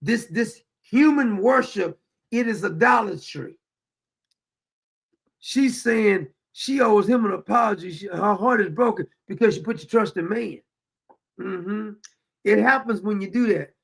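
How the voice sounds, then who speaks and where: A man hosting a talk show, giving animated, mocking commentary as he reads a statement aloud. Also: high voice, a little slow, gravelly, breathy edge. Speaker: host. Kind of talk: commentary on a news story.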